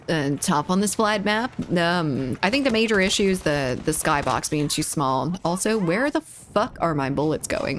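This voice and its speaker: A woman's voice: medium pitch, slight background noise. Woman game streamer, casual live chat, playful and teasing, reads chat aloud.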